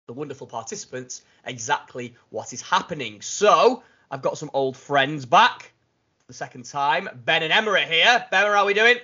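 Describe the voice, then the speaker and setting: A man's voice: fairly high pitch, animated, normal speed, bright, forceful tone, slightly rough, muffled recording. A man hosting a casual podcast, jokey and enthusiastic, with big bursts of laughter. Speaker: podcast host.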